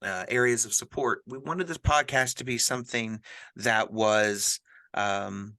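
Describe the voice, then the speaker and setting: This widowed, middle-aged pastor and podcast host, still grieving, chats casually and earnestly about grief, often starting his sentences over as he rambles. His voice is mid-range and sharp, and he speaks a little slowly.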